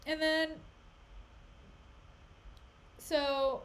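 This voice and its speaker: Chatty high-voiced woman streamer, animated, retelling a play. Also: measured pace. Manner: animated, chatty, laughs often. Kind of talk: casual comic retelling of a play.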